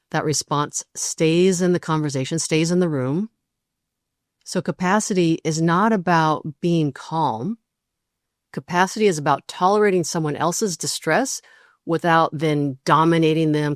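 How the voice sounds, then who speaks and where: A woman hosting a relationship podcast, talking through ideas in a calm, measured monologue and briefly voicing quoted partners. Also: deep voice, no echo, clean studio sound.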